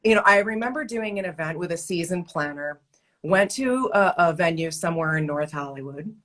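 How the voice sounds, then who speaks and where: A woman guest on a video call, telling animated, exasperated stories in a casual interview chat. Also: lowish voice, a little fast. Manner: animated storyteller, emphatic and exasperated. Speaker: guest, event entertainer and author. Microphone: remote video call.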